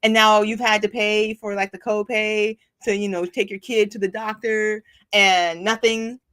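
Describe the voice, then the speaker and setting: Middle-aged woman, spiritual coach on a livestream. Animated, rambling storyteller. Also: medium pitch, a little slow, clean tone. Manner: rambling and animated, with many fillers.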